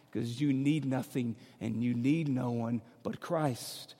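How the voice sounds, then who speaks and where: A male pastor delivering a sermon, moving between loud, urgent preaching and relaxed, joking storytelling. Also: mid-range voice, slow pace. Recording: long hall reverb.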